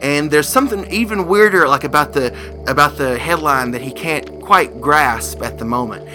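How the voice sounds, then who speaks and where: A man's voice: fairly high pitch, moderate pace, music in the background. A man telling a spooky story casually, acting out the characters. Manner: animated, acts out the characters' voices.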